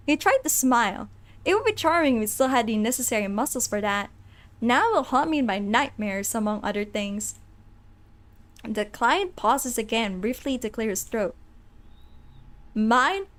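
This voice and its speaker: A woman streaming a game, reading its text aloud in a playful, animated way and chatting with her viewers between the lines. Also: fairly high pitch. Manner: animated, playful, reads narration with asides to chat.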